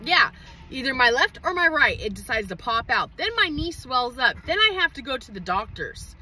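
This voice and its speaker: A woman with a high, bright voice rants on a phone livestream from inside her parked truck. She is heated and profane, with her words spilling out in quick bursts. A faint hum of noise sits behind her. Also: sing-song, low-quality recording. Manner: heated, profane, rapid outbursts. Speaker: mother livestreaming an update. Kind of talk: emotional livestream rant.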